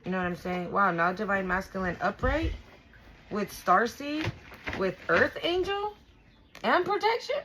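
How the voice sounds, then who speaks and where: Her voice sits on the high side and sounds fairly bright over a low-quality recording with a little background noise. Doing an informal tarot reading for viewers, she curses bluntly and circles back, restarting sentences to hammer things home.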